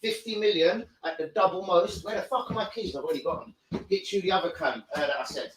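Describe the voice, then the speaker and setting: A young man ranting live about football to his viewers, loud, sweary and jokey. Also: high-pitched, quick pace, noisy background. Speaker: football fan livestreamer.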